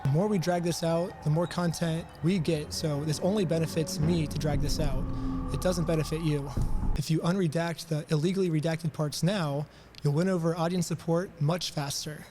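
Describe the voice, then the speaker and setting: A sick man talking to the camera in a weak, quiet, near-whispered voice, making a pointed, argumentative commentary. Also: fairly high pitch, fairly even intonation, moderate pace, music in the background. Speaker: video creator.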